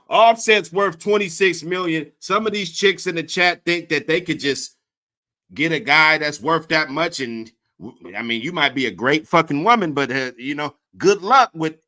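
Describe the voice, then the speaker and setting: Male host, bright voice, lively, profane reaction commentary. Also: on the high side, moderate pace. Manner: crude, profane and animated.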